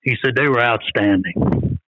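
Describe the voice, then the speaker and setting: A medium-pitched, unhurried older man spins folksy, rambling stories as an interview guest, frequently quoting other people. He's a coon hunter, and the audio is dry and dull.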